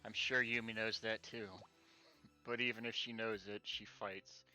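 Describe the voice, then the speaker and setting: A man's voice: fairly low pitch, level tone, normal speed, pushed and bright, faint music behind. A male streamer reading game text aloud, breaking in with sarcastic, exasperated asides and swearing.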